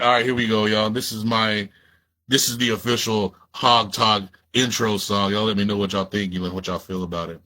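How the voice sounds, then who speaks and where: A man's voice: fairly low pitch, little pitch movement, brisk, bright, forceful tone. A man hosting a casual livestream, talking loosely and profanely straight to his viewers. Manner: laid-back, profane, talks straight to viewers. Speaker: livestream host.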